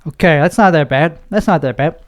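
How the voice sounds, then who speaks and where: A nervous young man delivers a solo podcast monologue at a brisk clip. His voice sits on the high side, and he rambles anxiously, cursing heavily.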